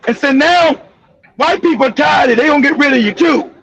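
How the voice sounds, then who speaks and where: High-pitched gravelly man ranting on stream. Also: fairly quick, poor audio. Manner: ranting, profane, often shouting. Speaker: live stream host. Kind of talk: heated political commentary stream.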